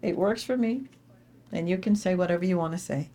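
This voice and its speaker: A middle-aged woman giving an inspirational faith talk to a live audience, telling stories with animated, emphatic repetition. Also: on the low side, a little fast. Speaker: speaker addressing an audience.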